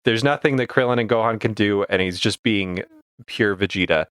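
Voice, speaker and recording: A man's voice: on the low side, normal speed, fairly bright tone, smooth, dry recording. A man co-hosting a casual podcast, retelling scenes in an easygoing, plain way with short agreeing replies. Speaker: podcast co-host.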